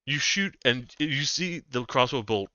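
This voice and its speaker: A man's voice: medium pitch, expressive, unhurried, sharp tone, no room sound. A man acting as game master, narrating actions and rulings in a casual way that includes some swearing. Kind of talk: running a tabletop game. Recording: slightly dull dry mic.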